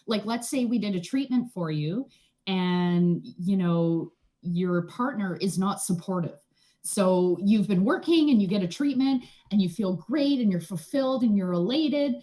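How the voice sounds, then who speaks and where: A woman speaking as a guest in an interview, explaining things in a chatty, casual way and often checking in with "right?". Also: medium pitch. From Canada. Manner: chatty, often tags "right?", animated asides. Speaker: energy healer, guest.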